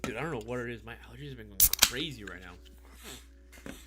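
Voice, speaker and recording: A man's voice: medium pitch, lively intonation, moderate pace, heavy background noise. Laid-back man chatting on a live stream. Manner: laid-back, laughs often, swears casually, says "bro" and "dude". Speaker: airsoft streamer answering live chat. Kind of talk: casual live-stream chat.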